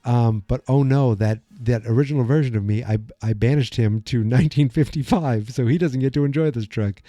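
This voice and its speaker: A middle-aged man hosting a podcast, chatting casually about a film and acting out its lines in quick voices as he rambles. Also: mid-range voice, mellow, dry recording. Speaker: podcast host. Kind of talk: casual movie commentary.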